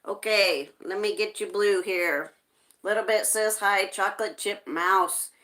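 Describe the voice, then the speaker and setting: Slow-talking woman reading stream chat aloud. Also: mid-range voice. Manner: greets viewers warmly and reads chat aloud. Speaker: live streamer. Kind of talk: casual live-stream chat reading comments.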